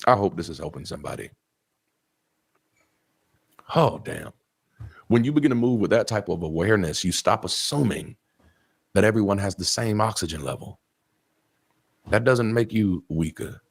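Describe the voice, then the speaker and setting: Former pastor, low voice, motivational, earnest and preachy, swears. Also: male voice, animated, moderate pace, creaky, long pauses, husky, dry recording. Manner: earnest and preachy, with blunt profanity. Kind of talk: motivational talk.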